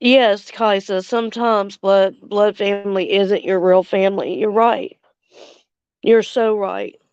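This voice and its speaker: Woman in her forties, livestream host, blunt and angry, smooth clear voice, dry and slightly muffled sound. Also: medium pitch, steady tone, slow pace, a little mellow, no echo. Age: 40s. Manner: angry, blunt, heavy swearing, reads out viewer comments. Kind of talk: casual livestream chat with viewers.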